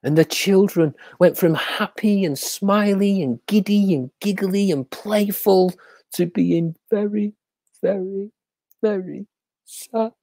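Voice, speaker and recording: A storyteller telling a children's story on a livestream, drawing out repeated words and dropping into hushed whispers for suspense. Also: medium pitch. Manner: slow, drawn-out repetition for effect.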